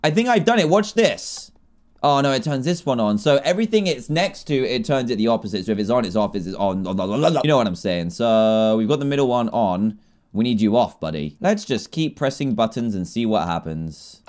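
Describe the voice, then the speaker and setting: A young man giving excitable, jokey commentary while playing a block-building game, often laughing and yelling. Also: medium pitch, fairly quick. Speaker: gaming video creator. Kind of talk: Minecraft let's play commentary.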